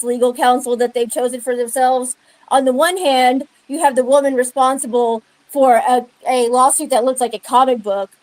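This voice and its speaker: A woman's voice: high-pitched, fairly even intonation, normal speed, a little mellow, no echo, low-quality recording. A woman talking casually and sarcastically, mock-congratulating the people she discusses. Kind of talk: casual commentary chat.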